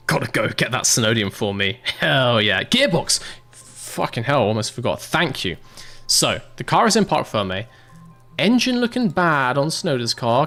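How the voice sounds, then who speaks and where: Chatty British guy with lively pitch. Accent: British English. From Britain. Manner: chatty, rambling, swears casually, quick asides. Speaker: streamer playing a racing manager game. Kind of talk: casual gaming commentary and chat reading.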